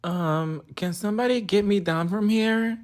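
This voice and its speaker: A woman's voice: medium pitch, measured pace, darkish tone, natural voice. A woman voicing a panicky woman stuck up in a tree, calling out and pleading for help. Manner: pleading, jumpy.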